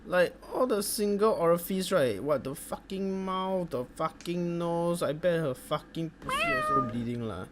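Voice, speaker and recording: A man's voice: high-pitched, wildly swooping pitch, normal speed, hardly any pauses, fairly bright tone, a little hiss or hum. A young Singaporean man with a Singaporean accent, giving a sweary, mocking comedic review full of Singlish slang. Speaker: video reviewer.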